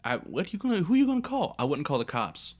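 A man's voice: fairly high pitch, very animated, fast talker. A man co-hosting a casual podcast chat, swearing freely and goading his friend with jokes. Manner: crude, joking, provoking. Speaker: podcast co-host.

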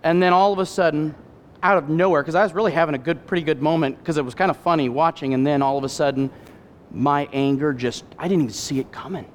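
A middle-aged male pastor giving an animated sermon, acting out voices and making candid personal asides. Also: a little high, quick pace, a little hiss or hum. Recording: hall reverb.

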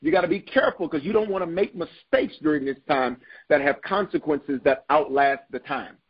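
A man's voice: on the high side, expressive, moderate pace, slightly rough, highs cut off. A man preaching a sermon as bishop, reading scripture aloud and repeating phrases for emphasis with call-and-response.

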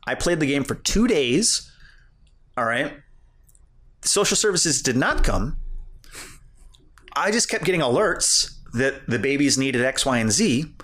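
Animated man telling a story, lively pitch. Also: measured pace, pauses often. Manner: animated, laughs through his own story. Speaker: podcast co-host. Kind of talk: casual storytelling chat.

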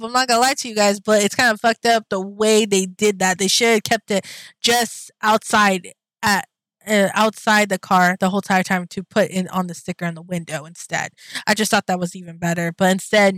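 A young woman vlogger talks in a loose, rambling way, full of slang and casual swearing. Her voice sits a little high, and the recording is dry with no room sound. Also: a bit bright, no room sound, low-quality recording. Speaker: anime vlogger. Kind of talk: casual chat.

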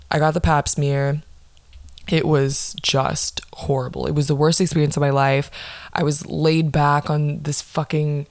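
A woman's voice: low-pitched, no echo. A young woman hosting a podcast, telling a story in a blunt, exasperated way and swearing constantly. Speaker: podcast host. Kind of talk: profane comedic storytelling monologue.

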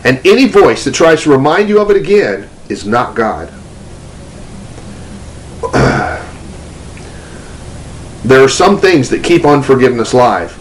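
Man telling a testimony at mid pitch. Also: big pitch swings, unhurried, pauses often, poor audio. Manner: conversational storytelling with restarts and fillers. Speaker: preacher, ministry teacher. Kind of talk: testimony-style teaching talk.

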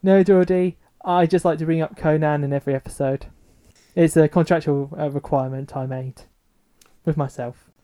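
A man's voice: a little high, fairly even intonation, moderate pace, warm tone. A man co-hosting a podcast in casual chat, enthusiastic and teasing. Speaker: podcast co-host.

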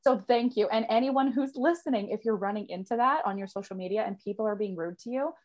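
Chatty podcast host woman, slightly high voice. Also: quick pace, darkish tone. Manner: bubbly, says "like" a lot, swears casually. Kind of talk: casual chat.

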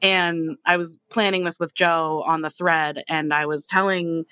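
A woman hosting a podcast, chatting casually and gushing, with quick asides. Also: low voice, steady tone, pushed and bright, clean tone, dry recording. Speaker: podcast host. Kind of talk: casual chat.

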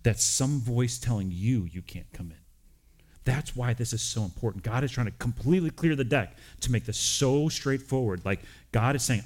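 A man's voice: medium pitch, brisk, a little mellow. A man preaching as pastor, speaking earnestly and directly, often repeating phrases, then leading a communion prayer. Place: church sanctuary with congregation.

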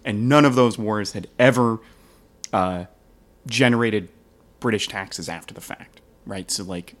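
A man who hosts a history podcast, explaining the past at length in a relaxed, joking chat and laughing easily. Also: fairly low pitch, measured pace.

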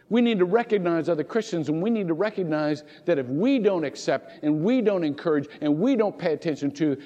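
A man's voice: high voice, darkish tone. A middle-aged man preaching a sermon as pastor, telling stories with laughter and tearful asides. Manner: emotional, laughing and digressive storytelling. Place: church sanctuary. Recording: muffled church recording with long reverb.

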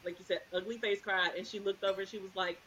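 A young adult woman co-hosting a podcast, chatting expressively and getting louder when she retells a story. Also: mid-range voice, fairly even intonation, fast talker, slight background noise, rough recording. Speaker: podcast co-host. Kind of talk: casual podcast chat.

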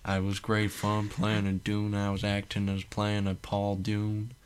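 A man's voice: lowish voice, completely flat delivery, a little hiss or hum, natural voice. A man doing an impression of a male actor who is stuck talking in a drawling voice like a famous singer's. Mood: dreamy. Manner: slow, drawn-out delivery.

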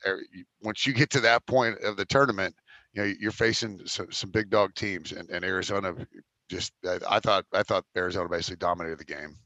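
A man's voice: sits low, steady tone, a little fast, sharp tone, no echo. A young man co-hosting a podcast remotely, chatting casually and rambling with lots of fillers and restarts. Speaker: podcast co-host. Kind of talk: casual chat. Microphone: remote call.

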